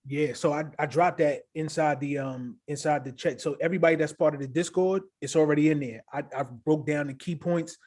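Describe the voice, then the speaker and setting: A man co-hosting a casual crypto livestream, talking in an animated, hyped way with a habit of tagging "right?" onto his sentences. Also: a little high, a little fast, few pauses. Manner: animated, hyped, repeats himself with filler "right?". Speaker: crypto show co-host.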